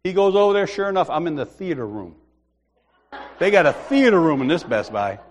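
Animated high-voiced man preaching. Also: a little fast, slight background noise. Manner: animated storyteller, acts out voices, laughs often. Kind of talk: sermon with comic personal story.

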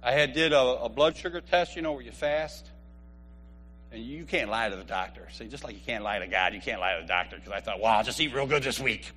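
A man in his fifties giving a humorous church testimony, an animated storyteller who laughs often. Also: on the low side, brisk, slight background noise.

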